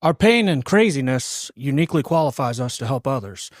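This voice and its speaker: A man's voice: medium pitch, sing-song, brisk, dry recording, studio quality. A man around forty co-hosting a podcast, speaking sincerely and from the heart. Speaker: podcast co-host. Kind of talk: podcast interview.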